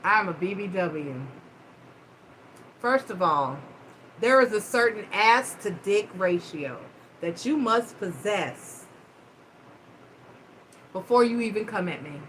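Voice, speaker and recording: A woman hosting a live-stream chat, telling stories in a blunt, profane, animated way. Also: medium pitch, slow pace, long pauses, slight background noise, poor audio. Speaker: host.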